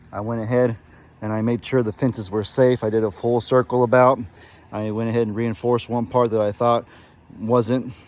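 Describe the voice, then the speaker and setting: A man's voice: medium pitch, a little hiss or hum. A man talks casually to his viewers in a farm vlog. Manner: talks softly and fondly to his goat. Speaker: farm vlogger.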